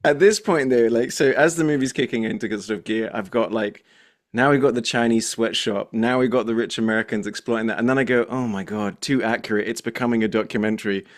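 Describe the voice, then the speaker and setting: A man hosting a movie podcast, recapping scenes from his notes in a lively, casual way. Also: medium pitch, fairly quick. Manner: animated, reads from notes, quotes scenes. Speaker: podcast host.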